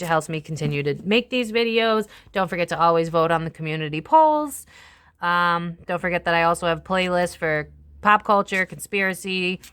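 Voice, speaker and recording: A tarot reader and channel host, the young woman offers casual psychic commentary, cursing freely and imitating others as she goes. Her voice is fairly low in pitch, clean, and a bit bright.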